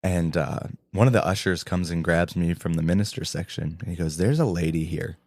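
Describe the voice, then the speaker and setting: Deep-voiced man telling an earnest testimony. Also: brisk, no echo, clean studio sound. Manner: earnest, animated storytelling with quoted dialogue. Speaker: podcast co-host. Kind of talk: storytelling testimony.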